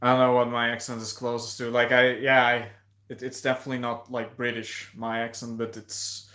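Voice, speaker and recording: A man's voice: mid-range voice, completely flat delivery, a little fast, pushed and bright. A man hosting a casual livestream, talking hesitantly with many fillers and restarts. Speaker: livestream host.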